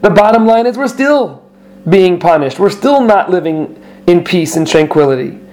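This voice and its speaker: A high-pitched man teaching a Torah class in a conversational way. He reads out passages in Hebrew and Aramaic, then explains them in English, often restarting his sentences as he goes. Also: lively intonation, moderate pace, darkish tone. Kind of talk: informal Torah lesson.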